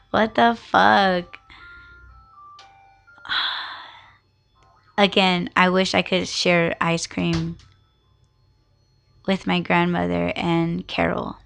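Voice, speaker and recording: A woman's voice: lowish voice, little pitch movement, extremely slow, creaky, pauses often, fairly bright tone, faint music behind. A young woman hosting a podcast, telling a personal family story in a candid, emotional way and swearing freely. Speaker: podcast host.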